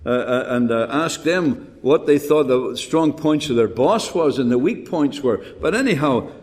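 An older man preaching a folksy, rambling sermon with rhetorical questions and frequent restarts. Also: a little high. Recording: long hall reverb.

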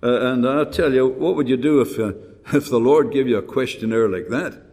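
A man's voice: medium pitch, normal speed, darkish tone. An older man preaching a folksy, rambling sermon with rhetorical questions and frequent restarts. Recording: long hall reverb.

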